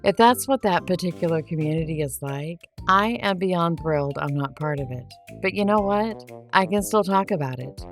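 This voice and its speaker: A woman's voice: lowish voice, expressive, moderate pace, hardly any pauses, faint music behind. A woman hosting a true crime podcast, talking in a sarcastic, defiant monologue. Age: adult, married. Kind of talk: monologue to camera.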